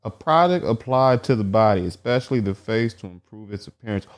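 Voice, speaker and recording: A man talking alone in casual commentary, reading search results aloud haltingly and joking with lots of swearing. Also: on the low side, animated. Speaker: vlogger.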